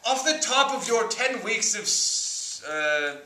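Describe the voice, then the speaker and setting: A man playing an awkward male court-appointed therapist in an improv scene, halting and politely formal. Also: very high voice, sing-song, pushed and bright, pitched above the performer's own voice, exaggerated voice. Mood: hesitant. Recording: roomy, distant mic.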